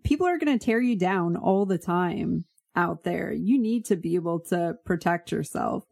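Woman, gravelly voice, lowish pitch, earnest podcast co-host. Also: animated, normal speed, a little mellow. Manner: earnest, advice-giving. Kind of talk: casual chat.

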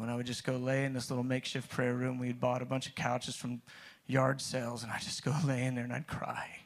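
A man's voice: medium pitch, monotone, a little fast, hardly any pauses. A man preaching, telling his own story in a conversational way, with restarts that build to emphatic peaks. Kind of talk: personal testimony sermon.

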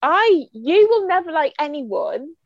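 A woman's voice: sits high, very animated, measured pace, vocal fry, no room sound. Chatty British woman, lo-fi sound. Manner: chatty, repeats words while thinking. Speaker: podcast co-host. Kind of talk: casual chat. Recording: dull lo-fi sound.

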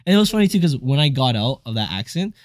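A young man co-hosting a casual podcast chat, telling stories in an animated way, full of fillers and swearing freely. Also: medium pitch, racing, no room sound, studio quality. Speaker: co-host.

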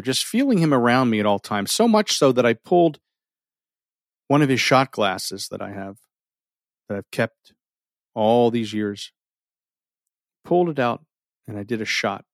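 A man's voice: medium pitch, lively intonation, moderate pace, pauses often, dry recording. Earnest man near tears, dry sound. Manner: earnest, emotional, often drops to near a whisper. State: holding back tears. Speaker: storyteller. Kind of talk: personal story told to an audience.

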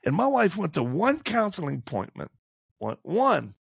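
A man, an interview guest, telling candid and humorous stories in conversation and acting out quotes in lively voices. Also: sits high, moderate pace, gravelly, breathy edge, dry recording, clean studio sound. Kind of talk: animated storytelling in conversation.

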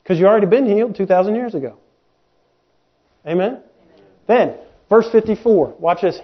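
A man with a high, light voice preaches in a folksy, animated style, bouncing between plain talk and quick mimicked voices of doubters. The audio is dull and lo-fi, like a home podcast recording. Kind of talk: sermon.

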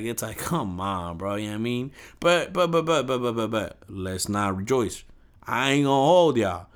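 A man's voice: medium pitch, animated, moderate pace, fairly bright tone. A young man casually retelling a film in a rant, swearing often, using slang and mimicking the people in it.

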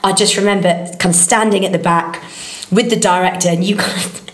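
A woman's voice: medium pitch, fairly even intonation, brisk, roomy sound. A woman co-hosting a casual chat, reading out fan questions and joking freely. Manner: reads fan questions, swears and jokes freely. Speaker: co-host.

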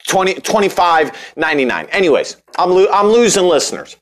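A man's voice: high-pitched, sing-song, a little fast. A young man hosting a casual sports podcast, rambling and joking with lots of restarts and fillers. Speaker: podcast host.

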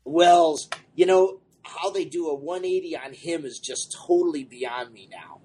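A man co-hosting a casual comics podcast, rambling and excitable, running a comic shop and apologizing for talking too much. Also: on the high side, unhurried, breathy edge. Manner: rambling, excitable, self-deprecating.

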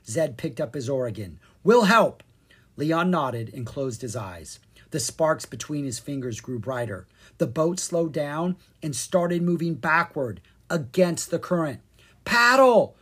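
A narrator giving an expressive reading of a children's storybook. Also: mid-range voice, measured pace, slightly rough. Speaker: audiobook narrator.

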